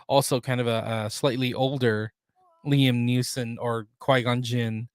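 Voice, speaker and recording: A man co-hosting a casual pop culture news podcast, reading out news items and then riffing on them in a relaxed way. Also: mid-range voice, a little slow, smooth, no room sound, studio quality. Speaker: podcast co-host.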